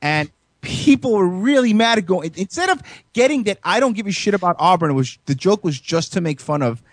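Young man with a bright, dry-sounding voice. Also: sits high, brisk, dry recording. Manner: profane, animated storytelling with voiced quotes. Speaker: podcast host. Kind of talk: casual chat.

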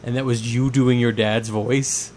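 A man's voice: mid-range voice, flat delivery, a little slow, a little mellow, a little hiss or hum. A man co-hosting a radio show, teasing and sarcastic in casual chat.

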